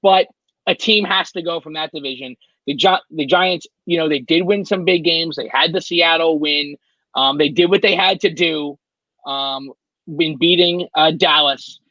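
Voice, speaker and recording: A man's voice: a little high, measured pace, sharp tone, dry recording, highs cut off. A man co-hosting a sports talk show, rambling and hesitating as he gives his opinion. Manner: rambling, hesitant, with many fillers. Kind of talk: casual sports discussion.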